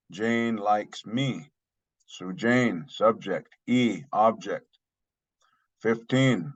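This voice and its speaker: A man's voice: on the low side, takes it slowly. A man teaching a language lesson, carefully saying each phrase twice and then explaining it. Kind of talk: slow spoken language lesson. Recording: dull lo-fi sound.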